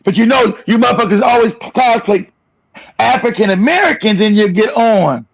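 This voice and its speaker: A high-pitched, gravelly man hosts a livestream, ranting with profane aggression and raising his voice often. His voice is rough and husky. The stream audio sounds dull and lo-fi. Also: animated, moderate pace. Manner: profane, aggressive, shouting rant. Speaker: livestream host. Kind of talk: angry ranting monologue.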